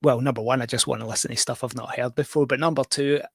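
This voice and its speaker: Gravelly and slightly rough, this medium-pitched voice stays steady in tone and moves quickly. It belongs to a Scottish musician hosting a casual livestream, where he rambles, jokes and makes fun of himself. There's no room sound.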